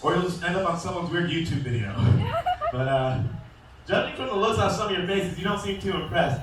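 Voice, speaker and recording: Guy with a high voice running a gator show, teasing the crowd, echoey and far from the mic. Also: animated, fairly quick. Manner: joking, teasing and quizzing a crowd; calls out loudly to the audience. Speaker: alligator show presenter. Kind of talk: live comedic animal demonstration. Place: outdoor show arena. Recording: echoey, distant outdoor recording with faint noise.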